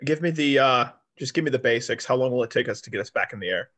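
A man playing a ship captain in a tabletop game, calm and commanding with some fillers. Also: medium pitch, quick pace. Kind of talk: tabletop role-play.

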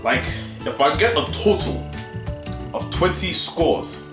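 A man's voice: fairly high pitch, lively intonation, slow pace. A male vlogger talking casually and playfully to his viewers. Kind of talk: casual vlog. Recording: roomy, faint music.

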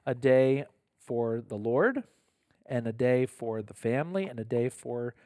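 A man's voice: mid-range voice, lively intonation, a little slow, darkish tone, dry recording, studio quality. A man, a parish pastor hosting a casual podcast conversation, speaking earnestly with frequent restarts and self-corrections.

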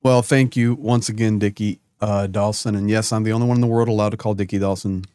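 A man's voice: fairly low pitch, fairly even intonation, fast talker, darkish tone, smooth, no room sound, clean studio sound. A man on a live-stream panel thanking everyone in a friendly, teasing way. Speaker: panel guest. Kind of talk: casual live-stream chat.

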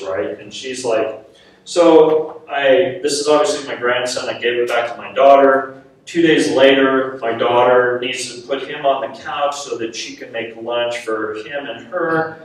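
A man preaching a sermon to a live audience, telling a personal story in an animated, self-mocking way and laughing often. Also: medium pitch, slight background noise. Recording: echoey hall, mic at a distance.

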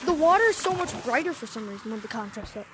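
A woman's voice: on the high side, sing-song, fast, background noise. A woman commenting casually on her gameplay, jumpy and easily startled, complaining as she goes. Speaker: game streamer.

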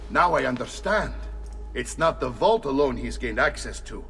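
An actor playing a wise, measured male mentor in a video game cutscene. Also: mid-range voice, expressive, vocal fry, a bit bright. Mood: grave.

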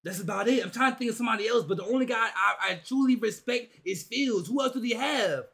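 A man hosting a sports reaction video, talking casually and excitedly to his viewers in slangy chat. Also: very high voice, fast, creaky.

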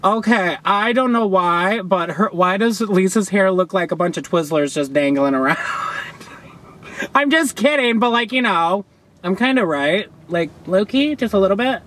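A young man reacting to a music video from his car, gushing and sassy, with loud outbursts and laughter. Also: high-pitched, a little slow, a little hiss or hum. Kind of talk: excited reaction commentary. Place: in a parked car outdoors.

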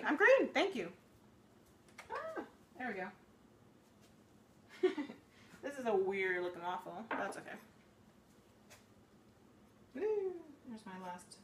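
Cooking live in her own kitchen, a woman in her thirties chats and rambles, frequently fixing what she says mid-sentence. Her voice is medium in pitch, a bit bright and slightly worn, with some background noise present.

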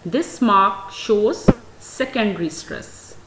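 A woman with a Pakistani English accent, teaching an English class, speaking very slowly and deliberately and stressing each example word. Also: medium pitch. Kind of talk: classroom lecture. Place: school classroom. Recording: echoey room, faint ambient noise.

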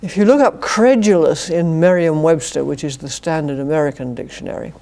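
An older woman with a British accent delivers an academic lecture, her voice gravelly with fry and mellow in tone. She talks with dry, wry humour and slips in chuckled asides. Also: low-pitched, brisk. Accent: British English. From Britain. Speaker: philosophy professor giving a lecture. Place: university lecture to a student society.

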